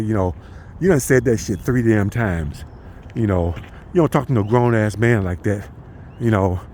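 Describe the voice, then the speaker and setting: Walking outdoors in a park, a man vlogs casually and profanely, rambling with plenty of "you know." His voice is fairly low and darkish, with a little hiss or hum in the recording.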